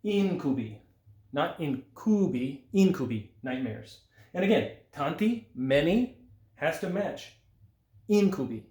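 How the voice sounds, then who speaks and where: A man giving a patient language lesson, slowing down to sound out example phrases. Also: fairly high pitch, sing-song, a little mellow. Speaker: Italian language teacher. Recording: roomy echo.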